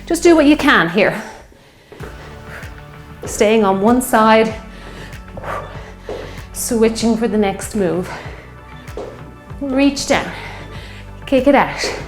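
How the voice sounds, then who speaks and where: Drawing out her words and leaving long pauses, a woman in her 50s with an expressive, highish voice coaches a fitness class with upbeat encouragement. She's occasionally out of breath, and music echoes around the room.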